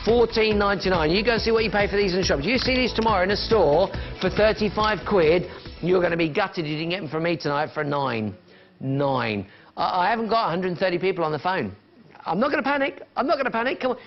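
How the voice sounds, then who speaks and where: A man's voice: sits high, lo-fi sound. A man presenting live on a shopping channel, chatting and counting down falling prices. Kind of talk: live TV sales pitch. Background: music.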